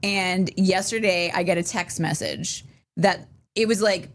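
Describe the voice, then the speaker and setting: A young adult woman co-hosts a podcast, speaking in a lowish voice with fairly even intonation and a measured pace. She tells a story in casual chat, full of fillers and restarts.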